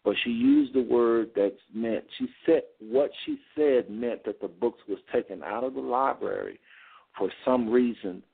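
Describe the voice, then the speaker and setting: A man's voice: mid-range voice, measured pace, vocal fry, husky. A man hosting a show, telling a rambling story in a folksy way and talking straight to his listeners. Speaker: host. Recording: phone-line sound.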